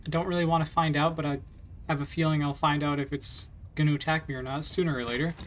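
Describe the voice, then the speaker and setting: A man giving relaxed, rambling commentary over his video game. His voice sits a little high, and he fills pauses and chuckles as he talks. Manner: chatty, rambling with fillers and little laughs. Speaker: let's play host. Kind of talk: casual gameplay commentary.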